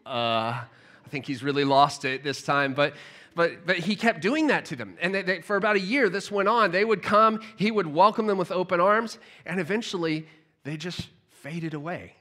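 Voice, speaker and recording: Pastor guy telling a sermon story, animated, bright sharp voice, kinda high. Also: moderate pace. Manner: animated storytelling, repeats words as he restarts.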